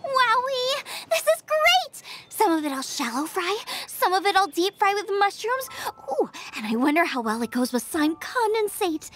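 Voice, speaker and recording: A woman's voice: very high-pitched, slight background noise. A woman playing a cheerful, food-obsessed young female chef in a video game, bubbly and eager. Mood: excited. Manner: bubbly, enthusiastic, rapid excited outbursts.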